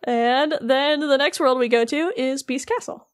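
Woman on a podcast, slightly high voice, chatty and jokey while recapping a game. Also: measured pace, clear, resonant tone. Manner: playful retelling, swears, mimics characters. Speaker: podcast co-host. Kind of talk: casual chat recapping a game.

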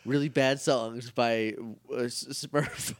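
A man's voice: medium pitch, dry recording. A man co-hosting a podcast, recapping a show in casual chat, talking animatedly with many "like" fillers. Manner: animated, quick, lots of "like" fillers. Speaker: podcast co-host.

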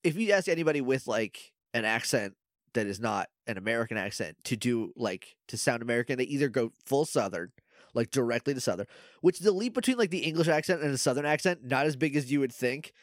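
Lively, laughing male podcast co-host. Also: mid-range voice, fast, dry recording, studio quality. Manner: rambling, self-deprecating, laughs often. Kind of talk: casual podcast chat.

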